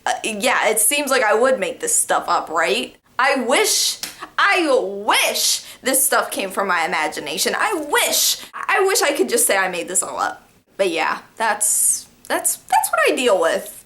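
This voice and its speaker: A medium-pitched young woman vlogs casually to camera about amusing workplace incidents. Her telling is lively and full of laughter, with plenty of "like" fillers.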